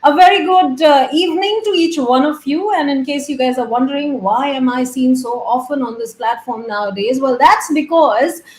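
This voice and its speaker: A woman's voice: high-pitched, normal speed, hardly any pauses, echoey room, low-quality recording. A woman hosting a talk show interview, chatty, effusive and playful as she introduces and questions her guest. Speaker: host.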